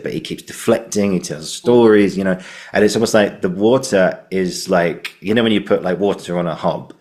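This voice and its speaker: A man's voice: sits low, normal speed. A man hosting a podcast interview, rambling loosely through stories with lots of fillers. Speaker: podcast host. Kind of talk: casual interview chat.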